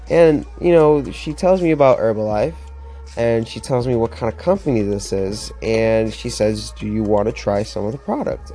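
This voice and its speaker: A young man telling a personal story in a chatty, excitable way to camera, with lots of fillers. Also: mid-range voice, moderate pace, soft background music. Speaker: vlogger.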